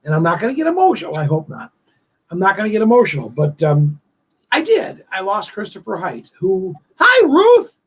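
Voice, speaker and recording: A man with a high, husky voice hosts a casual live show online. He rambles and halts, restarting his sentences often. His tone carries feeling as he talks to his viewers. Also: huge pitch swings, poor audio. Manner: rambling, halting, emotional, with many restarts. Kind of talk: casual live-stream chat.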